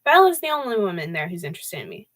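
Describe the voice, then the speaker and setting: A woman's voice: on the low side, very animated, quick pace, a bit bright. A woman voicing a young adult son who answers his parents earnestly and a little defensively. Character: young adult son, patient but strained.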